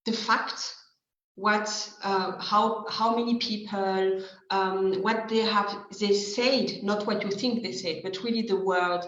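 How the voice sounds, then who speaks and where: A woman's voice: medium pitch, fairly even intonation, takes it slowly, a bit bright, reverberant, lo-fi sound, a little hiss or hum. A woman with a French accent, a coach explaining her method hesitantly with many fillers in a casual video chat. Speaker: transformation coach, co-host.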